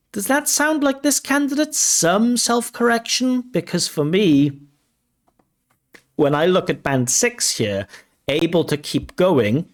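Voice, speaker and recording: A man working as a language test examiner, giving spoken feedback in a measured, think-aloud way and correcting himself as he goes. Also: mid-range voice. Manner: measured, reads out band descriptors and questions them.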